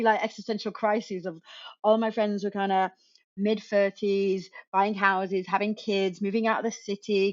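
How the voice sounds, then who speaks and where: A woman in her thirties, a remote work coach and guest on a podcast, telling her story casually and laughing often. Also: mid-range voice. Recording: slightly muffled lo-fi call audio.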